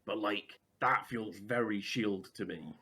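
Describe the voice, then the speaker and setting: Male co-host, fairly low voice, lively and sweary tabletop gaming banter. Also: gravelly, husky. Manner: animated, swears casually, acts out quick voices. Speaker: podcast co-host. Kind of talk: casual gaming chat.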